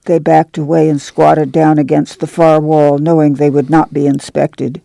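A female audiobook narrator with a gravelly, mellow voice, reading steadily. The sound is dry and close. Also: deep voice, level tone, moderate pace, dry recording.

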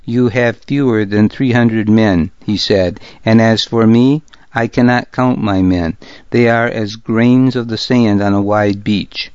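A man playing a weary, measured Danish jarl. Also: on the low side, fairly even intonation, darkish tone, clear, resonant tone, dry recording, lo-fi sound, lightly acted. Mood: grave. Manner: measured, almost pleading.

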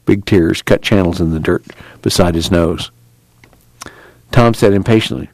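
A man narrating a story in a plain, steady reading voice. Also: low-pitched, moderate pace, creaky, long pauses, no room sound. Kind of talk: audiobook reading.

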